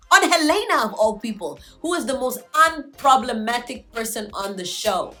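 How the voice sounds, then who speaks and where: A woman's voice: on the high side, sing-song, moderate pace, hardly any pauses, pushed and bright, soft background music. A woman recapping a TV episode in a casual vlog, joking and slangy. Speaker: TV show reviewer.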